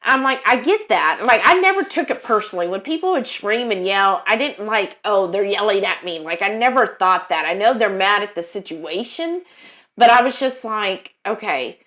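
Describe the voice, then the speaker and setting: Woman co-host, casual livestream chat, talkative with fillers, slightly high pitch. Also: lively intonation, moderate pace, fairly bright tone. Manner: chatty, with frequent fillers and self-quotes. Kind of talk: casual chat, reading viewer comments aloud.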